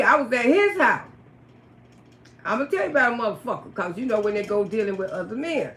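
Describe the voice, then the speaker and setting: High, bright-voiced woman telling a profane story. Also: a little fast, echoey room. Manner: profane, animated, laughing often. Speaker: livestream storyteller. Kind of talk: casual storytelling on a livestream.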